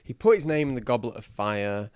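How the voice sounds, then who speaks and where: A man's voice: medium pitch, very animated, brisk, a little mellow, clear, resonant tone, dry recording, studio quality. A man co-hosting a podcast, chatting wryly and laughing at his own jokes. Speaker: podcast co-host. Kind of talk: casual chat.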